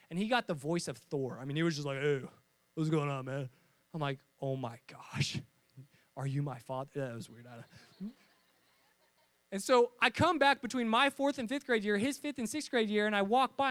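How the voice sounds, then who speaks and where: A young pastor tells stories from the pulpit in a lively, joking way, often acting out the voices of the people in them. His voice sits high for a man. The sound is dry and close, with no room echo. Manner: lively storytelling with jokes and acted-out voices. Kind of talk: sermon.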